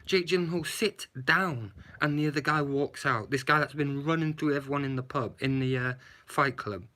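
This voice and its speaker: A man's voice: a little high, normal speed, bright, forceful tone. A man giving a blunt, sarcastic movie review, swearing and adding "yeah?" to his points. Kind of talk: casual movie review rant.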